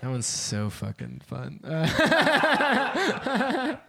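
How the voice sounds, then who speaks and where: A man's voice: very high-pitched, wildly swooping pitch, drawn-out words, vocal fry, pushed and bright. A young man doing a stand-up comedy set on a club stage, swearing freely and laughing at his own jokes.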